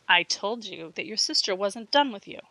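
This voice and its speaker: A woman's voice: mid-range voice, lively intonation, normal speed, bright, forceful tone, dry recording, poor audio. A woman voicing a big, intimidating teenage girl who sneers and gives commands, in an audiobook reading. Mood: sneering commanding.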